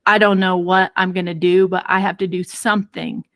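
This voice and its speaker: A woman parenting expert telling a personal story in an interview, lively and acting out quoted voices. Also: lowish voice, brisk, dry recording. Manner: many fillers and restarts.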